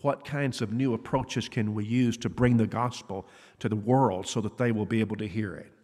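In a church auditorium, a man preaches a sermon in an earnest, conversational way, putting questions to his listeners. His voice is on the low side and darkish, with a steady tone and moderate pace. The recording carries the long reverb of a church hall.

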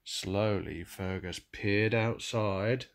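An older man, a grandfather, gently reading a picture book aloud to children and pointing out the pictures. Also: lowish voice, fairly even intonation, very slow, vocal fry. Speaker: grandfather storyteller.

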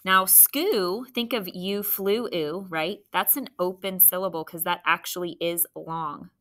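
A woman leads a phonics spelling lesson, slowly and patiently spelling out letters and checking answers with the class. Her voice is on the low side with a sharp tone.

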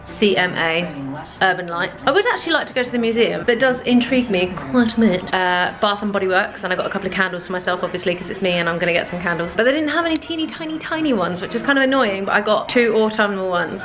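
A young woman with a chatty, giggly manner, recapping her day for a casual travel vlog to a handheld camera in a rented room. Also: medium pitch. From Britain. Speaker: vlogger.

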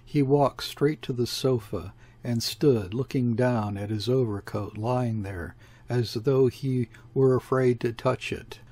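A man reading a classic novel aloud as an audiobook narrator, in a measured, steady delivery. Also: medium pitch, no room sound. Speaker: audiobook reader. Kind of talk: scripted narration.

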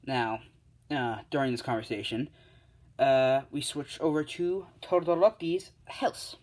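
A young man at home late at night tells his fan story off the cuff, full of fillers, restarts and hummed placeholder sounds. His voice sits at a middling pitch. He records on a handheld device. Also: fairly even intonation, a little slow. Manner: rambling, filler-heavy, hums placeholder sounds. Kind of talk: casual spoken fan story. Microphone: tablet or other handheld device.

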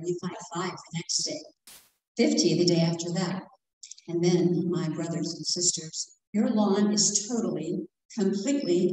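A woman giving a prepared talk at a writing conference, reading her points aloud and slowing down to spell out examples. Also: fairly low pitch, warm tone. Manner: slow and deliberate when spelling out examples. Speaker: conference speaker on self-editing. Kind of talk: prepared lecture read aloud. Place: conference room. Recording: echoey hall from far off.

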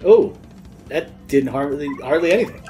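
A man's voice: a little high, animated, moderate pace, warm tone. A man co-hosting a let's-play, joking casually and reading game text aloud. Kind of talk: casual gameplay commentary. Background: game music.

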